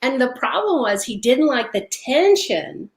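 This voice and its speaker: A middle-aged woman, a guest in a casual interview, telling lively stories and laughing often. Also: sits high, a little slow, creaky. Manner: animated storyteller, laughs often.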